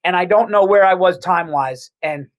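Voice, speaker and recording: Brief: high-pitched male comic guest, animated rapid storyteller, swears freely. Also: poor audio. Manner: animated, quick and profane, lots of restarts. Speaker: comedian guest. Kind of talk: casual comedic storytelling.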